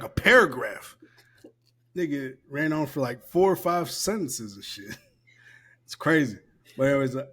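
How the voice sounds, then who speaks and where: This medium-pitched podcast co-host is relaxed and foul-mouthed, chatting casually and laughing while he reads something aloud.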